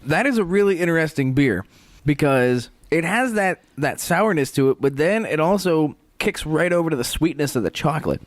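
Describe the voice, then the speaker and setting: A man's voice: on the high side, lively intonation, normal speed, dry recording. Easygoing male podcast host, dry mic. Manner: easygoing, agreeable, steers the conversation. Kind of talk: casual beer-tasting chat.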